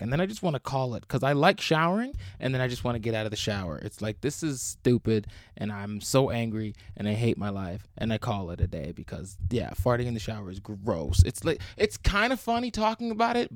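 A man's voice: medium pitch, no echo. Rambling young man, dry close sound. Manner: rambling, crude, jokey. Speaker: podcast host. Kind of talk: solo casual chat.

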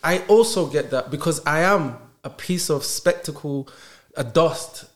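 A man, a podcast guest talking in animated casual conversation and stacking rhetorical questions. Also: on the high side, measured pace. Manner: emphatic, rhetorical questions, acts out dialogues.

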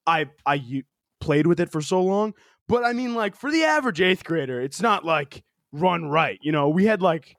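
A young podcast co-host tells a story loosely and animatedly, swearing freely and leaning heavily on "like." His voice is on the high side at normal speed, in a dry, studio-quality recording.

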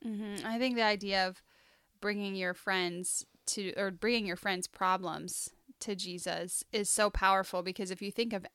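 A woman's voice: mid-range voice, steady tone, normal speed, fairly bright tone, smooth, no room sound, clean studio sound. A woman co-hosting a casual Bible study podcast, thoughtful and sprinkling her talk with "like.". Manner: thoughtful, heavy on "like" fillers. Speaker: podcast co-host.

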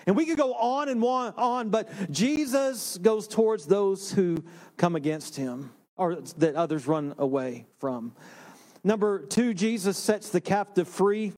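A man, a pastor, preaching a sermon in a relaxed storytelling way with self-deprecating humor. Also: high-pitched, unhurried. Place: church sanctuary.

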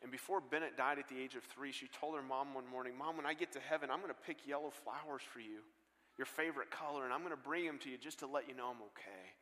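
A man preaching a sermon and telling stories with earnest swings between loud bursts and hushed lines, on a stage mic in a large church. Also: mid-range voice, quick pace. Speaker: guest pastor. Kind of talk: sermon storytelling. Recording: long hall reverb.

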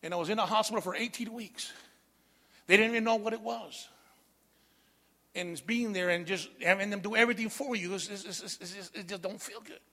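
A middle-aged man preaching a sermon, animated, with call-and-response asides to the congregation. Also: high voice, a little fast, long reverb tail. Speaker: pastor.

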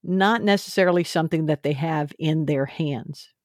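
A woman with a low voice hosts a podcast interview, sounding close to the mic in a dry recording. She encourages her guest and keeps the talk moving with follow-up questions. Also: normal speed, darkish tone, no echo. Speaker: podcast host.

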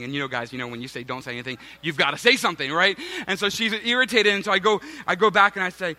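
A man's voice: fairly high pitch, quick pace, few pauses, bright, forceful tone. A man in his thirties, a pastor, giving a sermon with a self-mocking personal story and chatty asides to the congregation. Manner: self-mocking, conversational, addresses congregation as guys.

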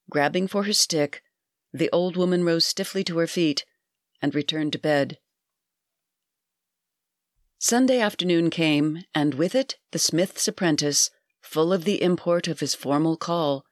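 A storyteller giving a measured, deliberate scripted narration of a dark fairy tale. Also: medium pitch, dry recording, clean studio sound.

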